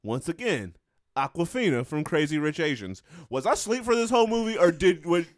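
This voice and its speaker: A man co-hosting a relaxed podcast chat, his voice rising and falling a lot as he reads through lists in a playful, joking way. He laughs often. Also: fairly high pitch, fairly quick, no room sound, studio quality. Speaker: podcast co-host.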